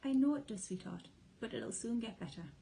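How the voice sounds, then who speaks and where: A woman reading aloud gives voice to a loving mother fox, soft and tender, pleading with her family. The voice is raised and mellow, with a faint hiss behind it. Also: a little high, very animated, a little fast, vocal fry.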